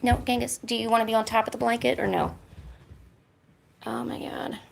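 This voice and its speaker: A woman with a slightly high voice and a gravelly edge coaxes her cats in a casual, sing-song way, as if chatting during a stream. The room is echoey, and faint hiss sits under her voice. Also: completely flat delivery, rapid-fire. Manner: coaxing pet talk, often high and sing-song. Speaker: livestream host.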